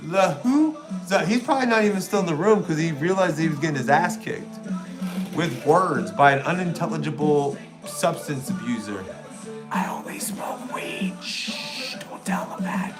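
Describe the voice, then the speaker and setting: A middle-aged man rants on his livestream, taunting and swearing as he rambles. His voice sits high for a man, and faint music plays behind him. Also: expressive, brisk. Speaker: livestream host. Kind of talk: profane livestream rant.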